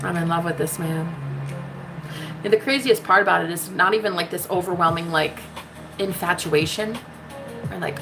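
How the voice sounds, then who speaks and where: A woman's voice: fairly low pitch, moderate pace, pauses often, poor audio. Sassy, emphatic woman ranting to camera. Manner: sassy and emphatic, profane, repeats "honey". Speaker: spiritual love-reading vlogger. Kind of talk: impassioned spiritual monologue. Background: music.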